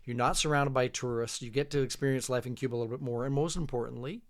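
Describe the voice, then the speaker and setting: A middle-aged man, a trip leader, telling travel stories in a relaxed, casual podcast chat, trailing off quietly. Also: mid-range voice, fast. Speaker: guest, fishing trip leader.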